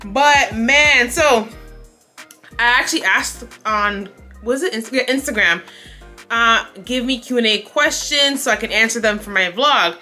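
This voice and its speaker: A young woman from Canada answers viewer questions in a loose, animated vlog chat, laughing often. Her voice is bright and sits a little high. Faint music plays underneath. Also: unhurried. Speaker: vlogger.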